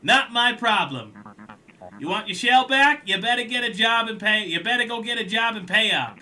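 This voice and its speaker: A man's voice: high voice, animated, normal speed, pushed and bright, pitched above the performer's own voice, heavily acted. A man voicing an impatient, bullying male crab tax collector in a put-on New York accent. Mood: impatient, bossy.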